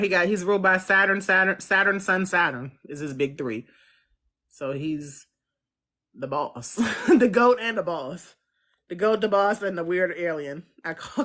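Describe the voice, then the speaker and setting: A relaxed astrologer chats through a live stream on a phone. The voice sits at a middle pitch, with loose slang and easy laughter while answering viewers. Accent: Central US. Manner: chatty, answers viewer comments. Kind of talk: casual livestream chat.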